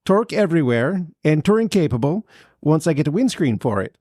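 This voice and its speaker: A man co-hosting a podcast who reads a listener letter aloud in an even, matter-of-fact way. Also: fairly high pitch, brisk, no echo, studio quality. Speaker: podcast co-host.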